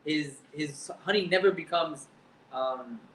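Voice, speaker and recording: High-voiced rabbi teaching in an echoey room. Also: male voice, takes it slowly, a bit bright, far from the mic, slight background noise. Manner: explains Hebrew text line by line, repeats words. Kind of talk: Talmud class with translation.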